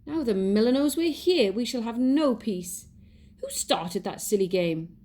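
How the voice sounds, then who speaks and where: A woman voicing a fretful mother mouse in a storybook reading, squeaky and flustered. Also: lively intonation, a little slow, dark tone. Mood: cross.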